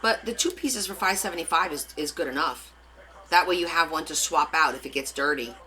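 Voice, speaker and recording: A woman's voice: low-pitched, lively intonation, a little fast, pushed and bright, poor audio. A woman hosting a live craft stream, chatting casually with her viewers and answering their comments as she demonstrates. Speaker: craft livestream host.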